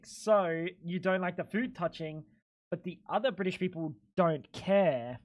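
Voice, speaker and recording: This studio-quality clip, free of room sound, features a young man with a darkish tone streaming live. He jokes around with chat, swears a lot, and leaps into high squeaks of disbelief whenever he's baffled.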